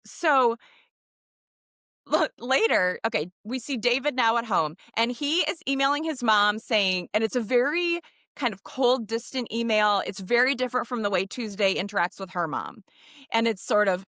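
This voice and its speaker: A woman with a bright, forward voice chats about a film she reviews with her co-host, walking through the plot and playing out the lines. Her voice sits a little high, and the sound is close and dry. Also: expressive, moderate pace, no echo. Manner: recaps the plot, acting out quotes, laughs often. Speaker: podcast co-host. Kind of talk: casual chat reviewing a film. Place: home.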